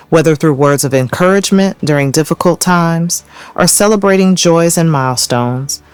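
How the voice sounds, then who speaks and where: A narrator reading a scripted tribute in a solemn, measured and formal way. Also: medium pitch.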